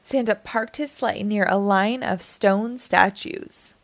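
A woman reading a children's picture book aloud as the storytime host, in an expressive storytelling manner. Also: mid-range voice, slow pace, dry recording. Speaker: storytime reader.

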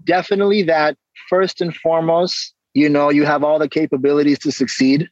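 A man guest on an interview, casually telling stories and acting out exchanges with lively energy. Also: on the high side, brisk, no echo, lo-fi sound. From San Diego, California. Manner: animated storytelling, acts out exchanges. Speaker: guest, hip-hop artist and coach.

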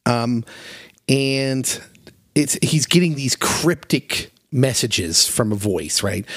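A man's voice: mid-range voice, lively intonation, slow, dry recording, studio quality. A man co-hosting a podcast, earnestly retelling a story in casual chat with plenty of feeling. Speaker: podcast co-host.

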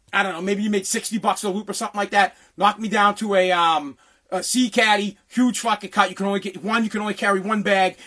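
A man ranting angrily, swearing constantly and often breaking into shouts. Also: sits high. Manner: profane, heated, often shouting. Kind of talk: angry political rant.

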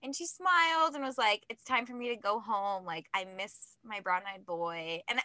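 Bright, giggly young woman podcaster. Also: mid-range voice, measured pace, no echo. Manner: rambling, giggly, self-mocking. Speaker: podcast co-host. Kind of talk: casual chat.

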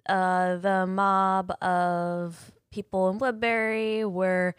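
A woman's voice: mid-range voice, flat delivery, takes it slowly, smooth, no room sound. A woman chats casually as she reviews a TV episode. She is blunt, laughs easily and swears freely. She acts out scenes with funny sound effects. The room sounds dry and close. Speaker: podcast co-host.

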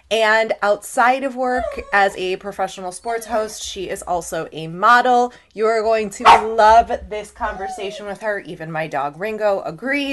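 A woman hosting a podcast who introduces her guest and chats in a lively, friendly way. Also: mid-range voice. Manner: chatty, upbeat. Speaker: podcast host. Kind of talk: casual chat.

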